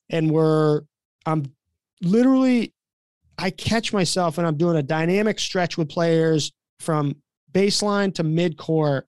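Male podcast co-host, animated storyteller, fairly high voice, dry close sound. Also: clear, resonant tone, dry recording. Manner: animated, acts out quoted voices. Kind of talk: casual storytelling.

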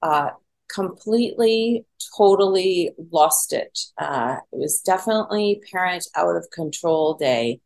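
A middle-aged woman with a low voice tells a personal story. She is candid and self-deprecating, and pauses often on fillers and restarts. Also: expressive, vocal fry, a little mellow, low-quality recording. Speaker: podcast guest.

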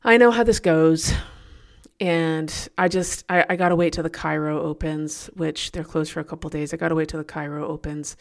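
A woman with a fairly low voice hosts a podcast and tells a personal story in a loose, chatty way. She keeps her delivery animated and laughs at herself as she talks. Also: normal speed, vocal fry. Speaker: podcast host.

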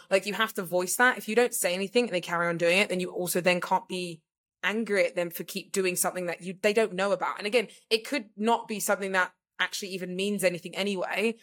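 A woman's voice: lowish voice, a bit bright. A woman co-hosting a podcast, chatting casually and rambling with lots of fillers. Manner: rambling, filler-heavy, says "like" constantly. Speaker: podcast co-host. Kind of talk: casual chat.

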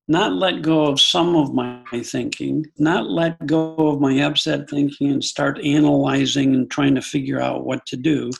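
Gravelly-voiced man telling a personal story. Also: on the high side, noisy background. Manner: earnest, reflective, with frequent restarts. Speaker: guest. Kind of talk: conversational storytelling.

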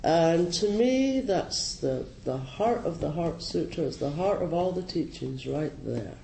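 Slow Scottish man giving a dharma talk. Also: on the high side, animated, gravelly, a little hiss or hum. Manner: slow, gently humorous, reflective. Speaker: Zen Buddhist teacher. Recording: roomy hall with faint ambience.

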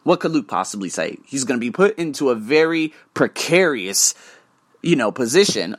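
A man hosting a podcast, telling a casual story in an animated way, swearing freely and acting out the lines of the people in it. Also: medium pitch, moderate pace, no room sound. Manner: animated, swears freely, acts out quoted dialogue. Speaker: podcast host.

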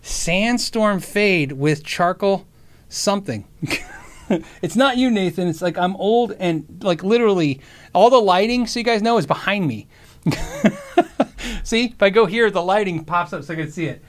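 A man hosting his own show in a casual livestream chat, excitable and stammering, often restarting his sentences. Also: sits high, measured pace. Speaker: show host.

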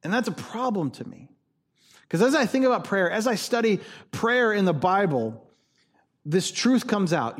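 A pastor delivering a sermon in a conversational, emphatic way, with a voice a bit higher than most men's. He talks to his congregation like friends and hammers home his main line by repeating it. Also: very animated, moderate pace, breathy edge.

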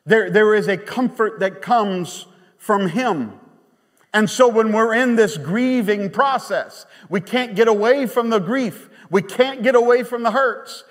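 A man pastor preaching a sermon, emphatic and animated, with sudden quiet drops. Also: high-pitched, measured pace. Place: church sanctuary. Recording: long church reverb.

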